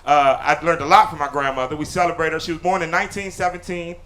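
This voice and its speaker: A man doing live stand-up comedy on a theater stage, punchy and loud, then dropping low for asides. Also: fairly even intonation, fast. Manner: loud, punchy delivery with sudden drops to low confiding asides. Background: audience laughter.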